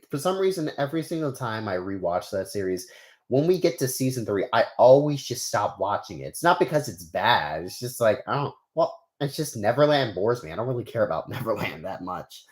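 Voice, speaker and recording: Chatty young man with lively pitch. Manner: rambling, many fillers and restarts, chatty with viewers. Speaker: streamer. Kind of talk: casual live stream chat.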